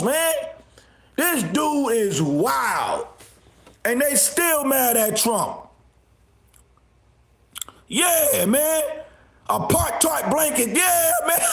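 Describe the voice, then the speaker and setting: High voiced dude ranting slow on his stream, mocks the chat, echoey room. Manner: mocking, loud laughing outbursts, insults viewers. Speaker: livestream host. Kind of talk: ranting livestream commentary.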